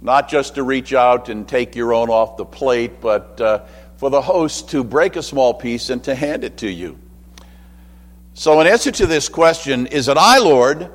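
A man's voice: mid-range voice, unhurried, in a large hall. A man preaching a sermon in a conversational way, with asides and acted-out quotes.

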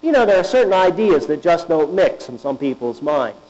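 A man preaches in a high voice, deliberate and emphatic, leaning on rhetorical questions. The recording is dull and lo-fi. A mains hum runs underneath. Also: very animated, darkish tone. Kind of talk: sermon.

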